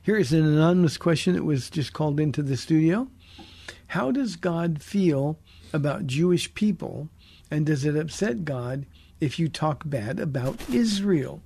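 A man who is a pastor and radio call-in host, teaching the Bible in an earnest, preacherly way, leaning on slow, emphatic words, from a close studio mic. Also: a little high, animated, creaky, dark tone, husky. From United States.

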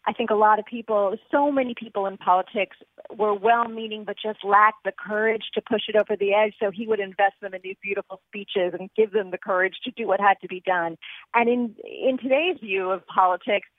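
A woman's voice: mid-range voice, brisk, dry recording. Woman guest on a tinny phone line. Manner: animated, laughing, thoughtful. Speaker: guest commentator. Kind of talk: casual chat.

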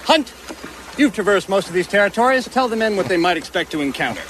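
Brief: a high, lively-voiced, self-important leader, with outdoor noise behind. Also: male voice, quick pace. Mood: commanding. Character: pompous male expedition leader addressing his men. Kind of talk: comedy film dialogue. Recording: film clip with outdoor noise.

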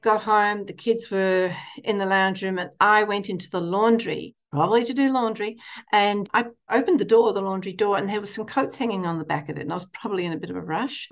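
Middle-aged woman, counsellor guest, lively storyteller who laughs easily. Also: mid-range voice. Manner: animated, laughing storyteller, acting out inner voices. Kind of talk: storytelling interview chat.

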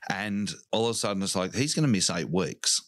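A man's voice: on the low side, brisk, fairly bright tone, no echo. An Australian man co-hosting a comedy radio show, telling family stories in dry banter. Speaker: radio co-host.

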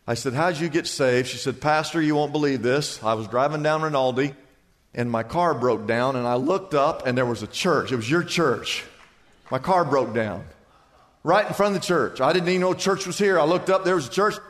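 A man's voice: a little high, moderate pace, a bit bright. A male pastor preaching an emphatic, conversational sermon full of repetition. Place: church sanctuary. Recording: long church hall reverb.

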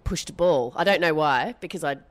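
A woman's voice: deep voice, fairly quick. A woman, co-hosting a podcast in casual chat and telling stories with a lot of laughter. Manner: animated storytelling, laughs often. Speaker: podcast co-host.

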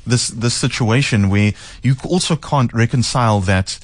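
Male radio host, mid pitch, supportive interviewer, dry booth sound. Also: normal speed, dry recording. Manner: encouraging, with frequent murmured agreement.

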